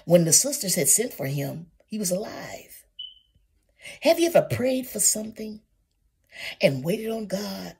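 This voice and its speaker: A woman's voice: on the low side, creaky, slightly rough. A woman preaching a sermon, calling her listeners saints and asking question after question, sometimes dropping to a whisper.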